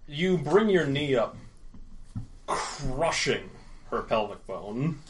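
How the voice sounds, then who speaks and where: A man running a tabletop game as game master, narrating scenes in a relaxed storytelling manner. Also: mid-range voice, slow pace, a little hiss or hum, low-quality recording.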